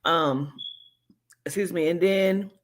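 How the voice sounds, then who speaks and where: A woman shares her reaction to a movie in a relaxed, unscripted vlog. She speaks with raw emotion and plain candor. Her talk is full of fillers and the occasional swear word. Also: fairly low pitch, takes it slowly. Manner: emotional, candid, swears freely, many fillers. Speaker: vlogger and spiritual reader. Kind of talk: casual movie recap chat.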